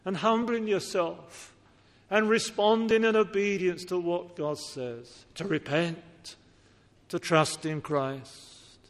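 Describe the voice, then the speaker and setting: A man preaching a sermon in an earnest, pleading way, pressing his listeners with questions. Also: high-pitched. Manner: earnest, pleading, rising to emphatic appeals. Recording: long reverb of a large hall.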